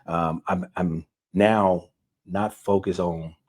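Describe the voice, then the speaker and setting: A man's voice: low voice, fairly even intonation, takes it slowly, darkish tone. A man, an author and car salesman, earnestly telling a personal story in a casual interview, often repeating words. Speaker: author guest.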